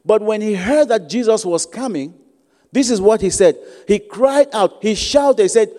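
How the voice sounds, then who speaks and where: A man's voice: high voice, lively intonation, normal speed, dark tone. A man preaching a sermon as guest preacher, repeating key phrases for emphasis. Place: church sanctuary. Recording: long church reverb.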